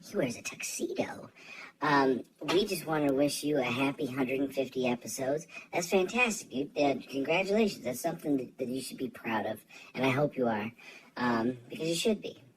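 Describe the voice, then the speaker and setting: A man's voice: medium pitch, normal speed, rough recording. A man sending a rambling, joking congratulations video through a phone voice filter. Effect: voice filter from a phone app. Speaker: friend sending a video message. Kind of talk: casual recorded video message.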